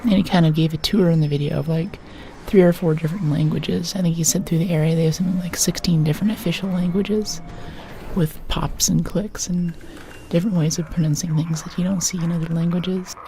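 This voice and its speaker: A woman from the United States streaming a game in a soft-spoken ASMR style, rambling playfully and often dropping to a whisper. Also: fairly low pitch, fairly even intonation, a little fast, a little hiss or hum.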